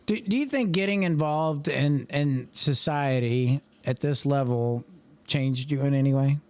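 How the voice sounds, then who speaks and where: A man's voice: mid-range voice, unhurried, darkish tone, smooth, dry recording. A man co-hosting a casual talk show, joking and emphatic. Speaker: co-host.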